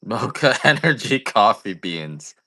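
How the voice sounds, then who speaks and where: Low-voiced man ranting jokily. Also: sing-song, slow pace, creaky, sharp tone. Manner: rambling, joking rants. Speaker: coffee farmer selling on a live stream. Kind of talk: casual live-stream sales chat.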